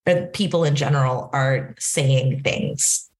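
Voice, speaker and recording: A woman's voice: very deep voice, slow. A young woman in her twenties from Southern California, a band director telling stories in a casual interview, laughing often. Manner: laughs often, animated storytelling with acted quotes.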